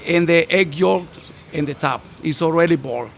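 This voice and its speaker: Chef from Mexico, gravelly voice, halting English, interviewed outdoors on a rooftop. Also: male voice, a little high. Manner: halting, broken English with restarts. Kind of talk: casual interview. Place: restaurant rooftop bar, outdoors.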